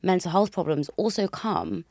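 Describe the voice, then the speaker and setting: A young British woman hosting a podcast, making her points in an emphatic, animated way. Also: on the low side, moderate pace, vocal fry, no echo, clean studio sound. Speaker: podcast host. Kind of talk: casual conversation.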